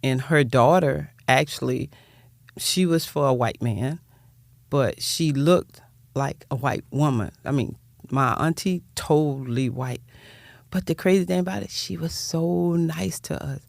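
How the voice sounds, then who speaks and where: Older woman, gravelly voice, heartfelt and rambling, close dry mic. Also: deep voice, measured pace, no room sound. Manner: rambling, heartfelt, repeats words. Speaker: guest, nonprofit founder. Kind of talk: personal storytelling in interview.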